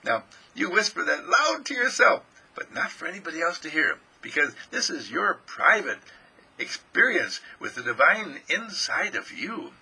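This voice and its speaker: A male minister giving a recorded inspirational sermon in an animated way, acting out a joyful inner voice in high excited tones. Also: moderate pace, breathy edge, rough recording.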